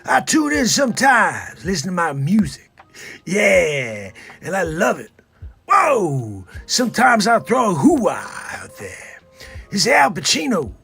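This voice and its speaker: A man doing an impression of an older male film star, loud and bombastic, shouting his thanks. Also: high-pitched, wildly swooping pitch, takes it slowly, gravelly, slightly rough, faint music behind, pitched above the performer's own voice, full character voice.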